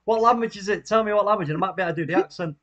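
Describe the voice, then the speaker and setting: Man, live stream host, chatty, laughs a lot, slightly higher voice. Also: very fast, fairly bright tone, lo-fi sound. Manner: chatty, laughs a lot, reads out viewer comments. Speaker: watchalong host. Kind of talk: casual live stream chat.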